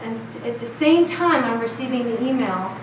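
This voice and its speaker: At a storytelling event, a woman with a slightly high voice speaks at normal speed, recounting a personal story in a lively, chatty way and laughing often. She's from Chicago's South Side; the roomy live venue, distant mic, and noisy background are audible.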